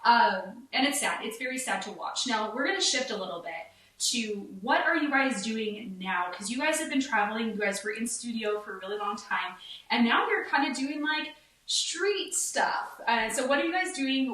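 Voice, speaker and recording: Bright young woman host, roomy off-mic sound. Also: on the high side, far from the mic. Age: young adult. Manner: chatty, laughs often, quick topic shifts. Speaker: podcast host. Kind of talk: casual interview chat. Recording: echoey room, voice off-mic.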